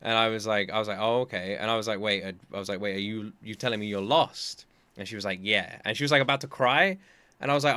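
Rambling streamer in his thirties; lowish, bright, dry close mic. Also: fast, smooth, no room sound. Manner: rambling, chatty storytelling with many restarts. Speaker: anime reaction streamer. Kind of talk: casual chat.

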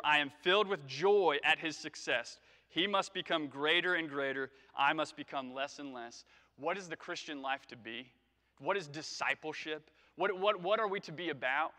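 Animated preacher man in a reverberant church. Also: on the high side. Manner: animated, conversational, jokes with congregation. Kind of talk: sermon. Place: church sanctuary.

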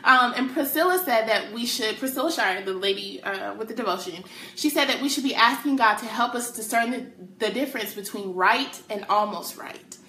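A young adult woman sharing a personal faith testimony with excited emphasis and casual slang. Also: on the high side, moderate pace, slight background noise. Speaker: testimony speaker. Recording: echoey room.

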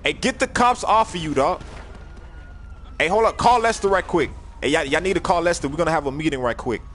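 Loud joking young man streaming a game. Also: fairly high pitch, fairly quick, a little hiss or hum. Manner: loud, joking, bossy, swings from shouting to mumbling. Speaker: livestreamer. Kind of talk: casual gaming livestream chat.

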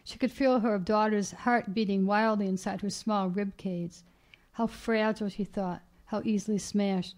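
A woman author reading her own short story aloud in a measured, even way at a reading event. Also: mid-range voice. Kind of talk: literary reading. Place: reading event at a writers' house.

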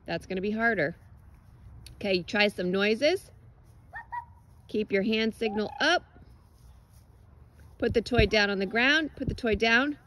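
A woman's voice: mid-range voice, unhurried, pauses often, fairly bright tone, a little hiss or hum, poor audio. A woman dog trainer coaching outdoors on a lawn, giving direct, encouraging instructions and explaining her methods.

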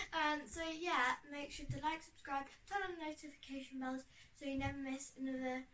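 A woman's voice: high-pitched, steady tone, a little fast, fairly bright tone. A woman vlogging to a camera on a tripod in her bedroom, chatty, giggly and easily sidetracked. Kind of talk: casual chat to camera. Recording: roomy, a bit far from mic, faint noise.

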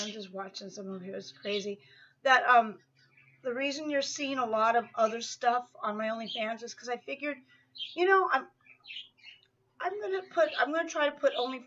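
Woman, vlogger, slightly out of breath, rambling, fairly high voice, dull lo-fi sound. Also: a bit bright. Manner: chatty and rambling, many fillers. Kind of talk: casual vlog update. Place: at home on an exercise bike.

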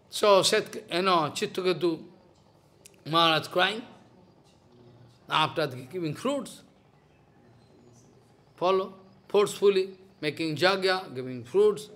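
A man preaches in an unusually high, bright voice. He repeats his phrases emphatically and keeps checking that his listeners are following. He speaks in the loose, spoken style of a devotional discourse. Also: slow pace, pauses often. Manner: emphatic, repetitive, asks listeners questions. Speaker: spiritual teacher.

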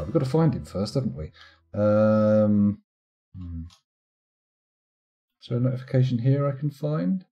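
Streamer, wry mutterer, lively pitch, mellow tone, soft guitar music underneath. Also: male voice. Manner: wry, muttering to himself while playing. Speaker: gaming streamer. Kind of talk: live game commentary.

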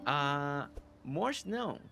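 Cheery guy streaming a cozy game, slight accent, bright fairly high voice, soft game music behind. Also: sing-song, drawn-out words, vocal fry, slight background noise. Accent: non-native English accent. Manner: upbeat, greets chat viewers by name. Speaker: gaming channel host. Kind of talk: casual live gameplay commentary. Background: faint game music.

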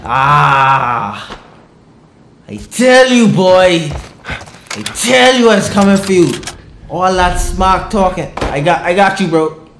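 A man's voice: sits high, slow pace. Hyped guy playing a game n trash talking enemies, voice bouncing around a roomy echoey space, noise behind. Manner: excitable, trash-talks game enemies, bursts into shouts. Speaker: gaming streamer. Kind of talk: let's play commentary.

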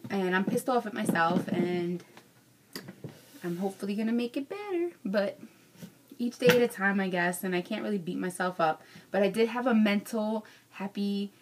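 A woman's voice: mid-range voice, moderate pace, background noise. A young adult woman ranting casually in a vlog, frank and self-mocking, cursing freely. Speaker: vlogger.

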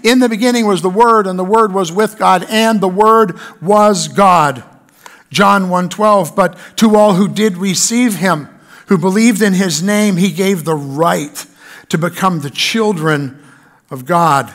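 A man's voice: sits high, a little slow, fairly bright tone. A man preaching a sermon in church, reading scripture aloud and building emphasis on key lines. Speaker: pastor.

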